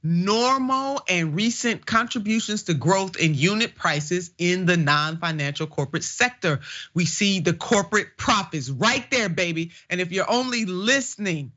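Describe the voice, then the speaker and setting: A woman's voice: on the low side, lively intonation, normal speed, a bit bright, highs cut off. A woman hosting a political commentary show, talking in an emphatic, folksy, preacher-like way. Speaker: show host.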